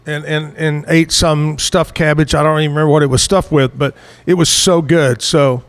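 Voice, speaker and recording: A male talk show host chats casually with a guest. His voice sits a little higher than most men's. He rambles through his questions and jokes along the way. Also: steady tone, normal speed. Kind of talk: casual interview chat. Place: live show at a bar stage.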